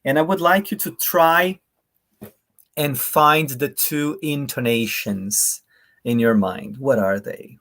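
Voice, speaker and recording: A man's voice: medium pitch, takes it slowly, fairly bright tone. A man giving a live online workshop, addressing viewers directly in a friendly way and demonstrating intonations aloud. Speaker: workshop presenter. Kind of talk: live online teaching talk.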